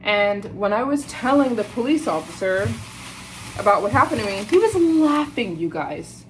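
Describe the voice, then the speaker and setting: An American woman vlogging to her viewers, telling a story in a lively, indignant way and often calling out to "you guys.". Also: mid-range voice, moderate pace, a little hiss or hum, rough recording. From United States. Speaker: travel vlogger. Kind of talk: casual storytelling to camera.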